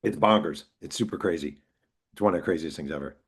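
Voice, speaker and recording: A man's voice: low-pitched, fast talker, breathy edge. A man from New York, an author telling a story in casual conversation and acting out the voices of the people he quotes. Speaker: author and podcast guest.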